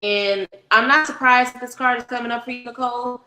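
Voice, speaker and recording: A woman with a slightly high, steady voice talks fairly quickly, her tone bright and forceful. She's a spiritual reader hosting a casual livestream, chatting straight to viewers, giving a tarot reading and swearing freely. The low-quality recording has a roomy sound.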